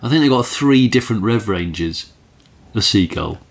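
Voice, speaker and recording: A man's voice: on the low side, lively intonation, normal speed, creaky. A tired man co-hosting a podcast, playful and teasing in casual chat. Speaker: podcast co-host.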